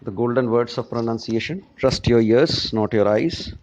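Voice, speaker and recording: A man teaching a spoken English lesson, speaking deliberately and often checking in with "right?". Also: medium pitch, a little mellow, muffled recording. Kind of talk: classroom lecture.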